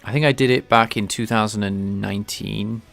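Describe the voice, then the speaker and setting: A livestreaming game developer thinks aloud about his code, halting often with restarts and fillers, and he's sneezing and a bit stuffy. His low voice has a gravelly fry yet a steady, fairly bright tone, with faint music playing underneath.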